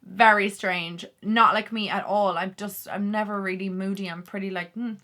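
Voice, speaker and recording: A woman talks straight to her viewers in a loose, chatty vlog. Her voice is bright and forward, and her speech runs on freely with plenty of "like" fillers and open, candid asides. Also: medium pitch, steady tone, normal speed. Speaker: vlogger. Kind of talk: casual talk to camera.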